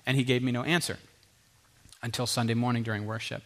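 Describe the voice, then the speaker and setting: A middle-aged male pastor preaching with emphatic repetition, sometimes dropping to a quiet hush. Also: medium pitch, level tone, fast. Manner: earnest, emphatic, repeats phrases, drops to a quiet hush. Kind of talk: sermon.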